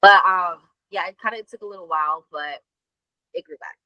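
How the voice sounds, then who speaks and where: A woman co-host tells a story in loose, casual chat. Her voice is bright and the sound is dry and close. She talks in an animated way, with lots of fillers and swearing. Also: fairly low pitch, normal speed, no room sound, dull audio. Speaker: podcast co-host.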